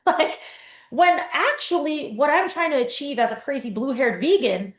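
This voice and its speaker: Animated woman guest on a video call. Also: sits high, unhurried. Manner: animated storyteller, acts out her own quotes. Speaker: guest, company founder. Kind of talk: casual interview chat. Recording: roomy echoey sound.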